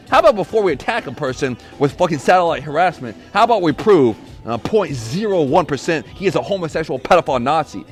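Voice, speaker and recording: Fast-talking angry man ranting. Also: fairly high pitch. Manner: angry, profane, accusatory; shouting bursts. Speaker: podcaster. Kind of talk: solo rant.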